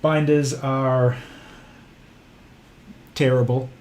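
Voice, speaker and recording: A livestream host with a New Zealand accent chats casually while working on a model kit, joking and poking fun at himself. His medium-pitched voice is level and a little mellow, with drawn-out words. Background noise comes through clearly.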